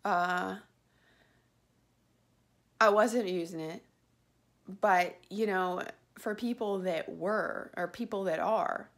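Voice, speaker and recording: In an angry personal vlog, a customer vents about a web hosting service she believes cheated her. Her medium-pitched voice moves slowly with long pauses. She grows more indignant and repetitive as the anger builds, whispering when she prays.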